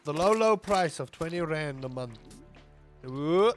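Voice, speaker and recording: A man's voice: on the high side, expressive, measured pace, soft background music. A young man with a South African accent, chatting casually to his viewers while playing a game on a livestream, rambling and joking as he goes. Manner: rambling, jokey, talks to chat while playing. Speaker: streamer. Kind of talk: casual gameplay livestream chat.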